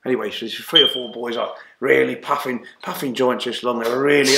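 A man, a guest in an interview, telling long animated anecdotes full of restarts and fillers. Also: medium pitch, a little fast, slight background noise. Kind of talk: casual storytelling interview. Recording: roomy echo.

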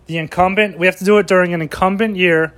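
A man ranting as a comedian, excitable and profane as he riffs. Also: sits high, quick pace.

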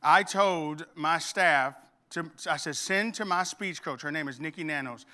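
A man's voice: a little high, measured pace, bright, forceful tone. A middle-aged man preaching a sermon, telling a funny story and acting out the dialogue. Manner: storytelling with humor, acts out dialogue. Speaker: pastor.

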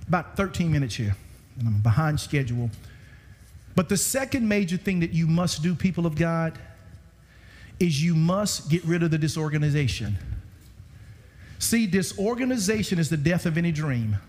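A man preaching a sermon to a congregation with animated swings in pitch, recorded through a church sound system. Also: moderate pace, pauses often. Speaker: guest preacher. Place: church sanctuary. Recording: reverberant church hall.

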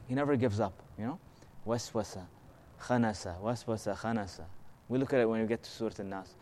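A man leads a relaxed scripture lesson in an easygoing, explanatory way. He keeps tossing out rhetorical questions and checking in with a quick "okay?" to keep his listeners with him. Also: medium pitch. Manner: slips into melodic Arabic recitation of verses. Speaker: religious teacher.

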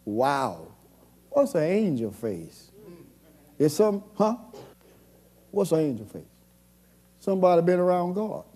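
Animated preacher, high voice. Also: male voice, takes it slowly, long pauses. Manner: call-and-response preaching, swings from soft to shouting. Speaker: pastor. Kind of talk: sermon.

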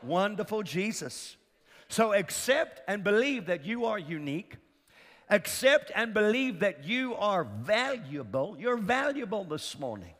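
Unhurried yet very animated, a man with a high, somewhat bright voice preaches to a congregation. He stresses his words, repeats phrases for effect, and invites the crowd to call back, his voice reverberating through a large hall.

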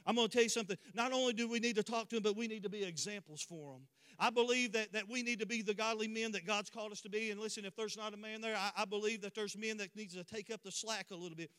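A man preaches with fervor, his voice high-pitched and bright. He builds to emphatic declarations, and the sound rings with the long reverb of a large church hall. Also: smooth. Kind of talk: sermon. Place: church sanctuary.

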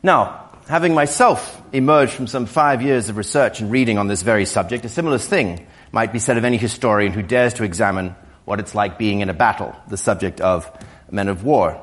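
Casting: hoarse, low-pitched male author giving a museum lecture, halting at times. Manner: hesitant at first, with fillers and restarts. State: hoarse from a cold. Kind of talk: public lecture.

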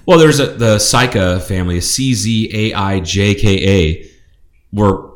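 A man's voice: lowish voice, measured pace. A man from Ohio co-hosting a podcast, telling stories in casual chat and swearing freely. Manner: profane, storytelling, swears freely. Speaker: podcast co-host. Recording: roomy echo.

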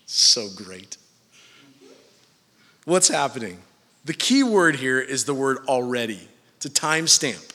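A man's voice: mid-range voice, big pitch swings, takes it slowly, long pauses, sharp tone, big-room sound. A man preaching a sermon in a church, casual and joking with his listeners between points. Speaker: pastor.

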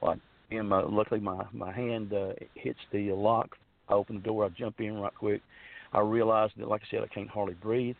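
A man's voice: lowish voice, flat delivery, moderate pace, creaky. Earnest rambling man on a phone line. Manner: rambling, earnest, many restarts and fillers. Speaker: guest telling his story. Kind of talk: casual storytelling.

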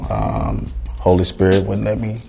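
Man, middle-aged, low voice, gravelly, lively storyteller, performs quoted dialogue. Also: normal speed, faint music behind. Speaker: music producer, guest. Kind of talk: storytelling in a conversation.

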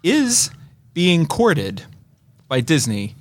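A man's voice: a little high, huge pitch swings, no room sound. A man co-hosting a podcast in casual chat, joking and laughing often. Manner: chatty and joking, quick to laugh. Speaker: podcast co-host.

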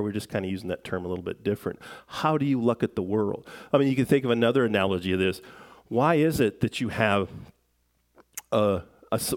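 Conversational man preaching, lowish voice. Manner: conversational, self-deprecating humor with frequent fillers. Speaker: pastor. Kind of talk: sermon.

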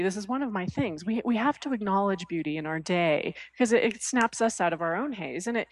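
A woman talking casually in a conversation, telling lively stories and slipping into voices for the people in them. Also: mid-range voice. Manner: animated storyteller who acts out quoted voices.

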